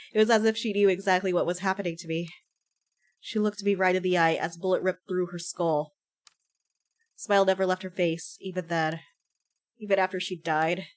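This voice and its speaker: A woman reading the narration of a haunted woman detective in a game, in a low, hushed, somber voice. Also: steady tone, moderate pace, pauses often, close to an everyday voice. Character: haunted woman detective recalling her own deed.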